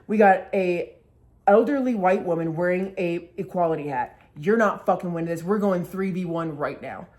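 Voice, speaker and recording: Speaking at a moderate pace in a lowish, darkish voice, this woman in her twenties is a vlogger recounting a story. Her delivery is loose and conversational, full of profanity and endless "like"s.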